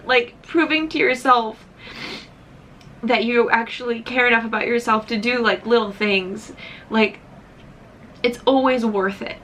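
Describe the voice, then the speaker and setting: Bright-voiced young woman telling a story. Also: a little high, a little hiss or hum. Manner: chatty, heavy use of "like", emotional at times. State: tearful at moments. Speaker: vlogger. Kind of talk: casual storytelling to camera.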